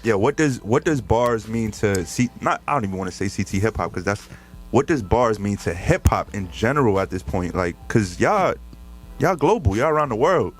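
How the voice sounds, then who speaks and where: A man hosting a casual interview, laid-back and slangy, asking relaxed questions. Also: on the low side, moderate pace, husky, faint music behind. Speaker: podcast host.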